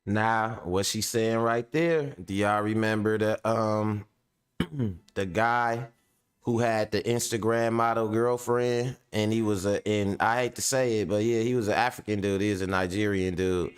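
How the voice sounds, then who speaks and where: A man's voice: on the low side, steady tone, a little slow, smooth. A man hosting casual reaction commentary, telling stories in loose slang with many fillers. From Kenya. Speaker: commentary host.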